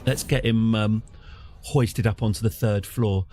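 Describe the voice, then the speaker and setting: Streaming a strategy game on his channel, a middle-aged host keeps up casual, wry commentary, poking fun at himself and using plenty of fillers. He speaks at a measured pace with a fairly low, warm voice and fairly even intonation.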